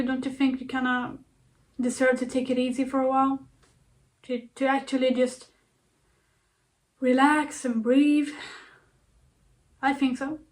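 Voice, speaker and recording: Young female vlogger, high voice, chatty encouraging self-talk with fillers and repeats. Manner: earnest, repetitive, playful self-talk with fillers. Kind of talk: casual self-help talk to camera.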